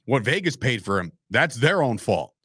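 A man's voice: mid-range voice, sing-song, moderate pace, pushed and bright, breathy edge, no room sound, studio quality. Opinionated man hosting a live sports show. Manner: opinionated, rambling, swears, reacts to live chat. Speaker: podcast host.

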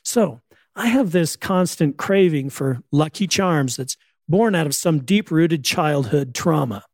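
A man's voice: on the high side, expressive, measured pace, no echo, studio quality. An older man, a grandfather, telling family stories and jokes in a wry, storytelling way. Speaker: speaker on humor.

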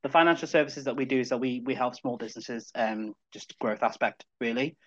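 A man's voice: medium pitch, brisk, a bit bright, lo-fi sound. A man in his thirties from Zambia, a podcast guest talking in an upbeat, chatty way with many restarts. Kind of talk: casual chat.

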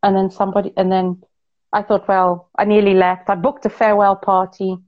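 A woman from Portugal tells a long personal story in relaxed, chatty conversation, restarting sentences and addressing her listeners directly. Her voice sits at an ordinary middle pitch, and the recording is a bit dull and muffled. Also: brisk. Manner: chatty, animated, frequent self-corrections and asides to listeners. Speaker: guest telling her life story. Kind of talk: casual storytelling chat.

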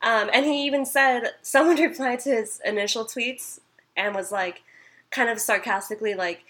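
A woman's voice: fairly high pitch, normal speed, a bit bright, low-quality recording. A young woman co-hosting a podcast, telling a story in casual chat with lots of "like" and fits of laughter. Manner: chatty storytelling, frequent laughing fits, fillers like "like". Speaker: podcast co-host.

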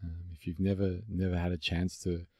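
Deep husky-voiced man, relaxed podcast host. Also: a little fast, no room sound, studio quality. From Australia. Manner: relaxed, reflective, many fillers and restarts. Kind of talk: casual conversation.

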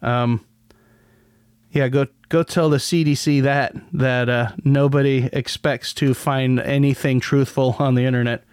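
Sardonic rambling man, smooth dry voice. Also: medium pitch, steady tone, measured pace, darkish tone, dry recording. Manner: rambling, many restarts, sardonic. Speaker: podcast host. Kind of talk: casual solo commentary.

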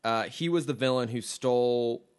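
Male podcast co-host, mid-pitched, chatty and enthusiastic, rambles with restarts. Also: moderate pace, clean tone. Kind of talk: casual chat.

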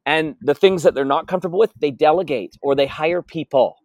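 A North American wealth coach being interviewed talks energetically, telling stories with emphasis and repeating his key phrases. His voice is on the high side, brisk and darkish, in a dry recording.

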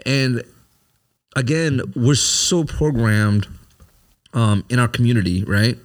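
A man's voice: mid-range voice, takes it slowly, pauses often. A man in his late thirties talking candidly about feelings, searching for words with frequent restarts and fillers. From immigrant family, came to America as a child. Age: 30s. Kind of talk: candid conversation.

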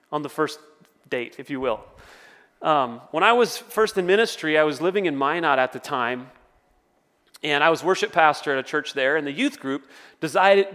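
A man's voice: on the high side, bright, forceful tone, long reverb tail. A man preaching a sermon as pastor, conversational, with storytelling asides.

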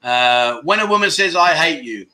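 A man's voice: fairly high pitch, lively intonation, moderate pace, bright, forceful tone. A man hosting a casual live stream, reading viewer comments aloud in a jokey, scattered way and laughing at his own slip-ups. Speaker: livestream host.

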